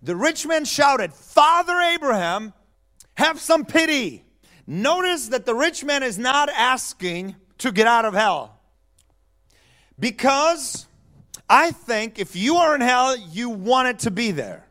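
A man's voice: very high-pitched, sing-song, slow, sharp tone. A middle-aged man preaching a conversational sermon, telling the story and checking in with his listeners. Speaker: pastor.

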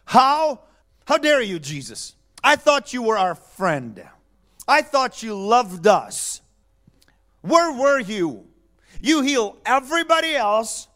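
A man's voice: extremely high pitch, expressive, brisk, few pauses, a bit bright. A man preacher voicing two angry sisters who reproach a friend, in an indignant tone.

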